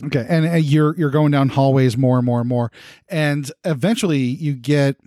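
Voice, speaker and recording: A man's voice: mid-range voice, normal speed, warm tone, no room sound, studio quality. Easygoing man running a tabletop game. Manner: casual, easygoing narration with fillers. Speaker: game master.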